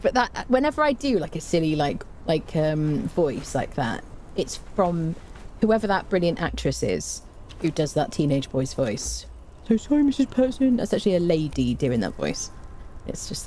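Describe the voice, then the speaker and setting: A woman streamer chats casually with her viewers as she plays, humming little tunes in between. Her voice sits low and mellow, with wide, lively swings in pitch. There is a faint hiss under the recording. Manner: chatty, hums tunelessly between remarks, reads and answers chat. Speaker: game streamer. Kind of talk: casual live-stream chat while playing.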